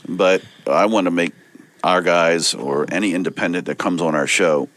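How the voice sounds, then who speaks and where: Low-voiced male guest, wrestling promoter, animated storyteller, dry sound. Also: normal speed, no room sound. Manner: animated, acts out quoted people. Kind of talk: casual storytelling.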